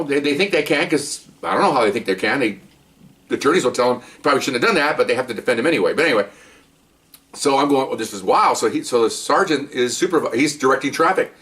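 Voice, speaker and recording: A man's voice: mid-range voice, fairly bright tone, distant mic. An older man, a retired police officer, tells rambling stories in a casual monologue, often repeating words and asking "okay?".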